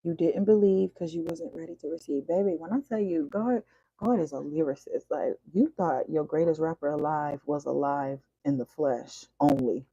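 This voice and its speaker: Brief: a woman doing a casual tarot reading, dark mellow voice, dry close sound. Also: low-pitched, normal speed, slightly rough, no room sound, highs cut off. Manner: preachy slangy talk, drops to whispers. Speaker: tarot reader.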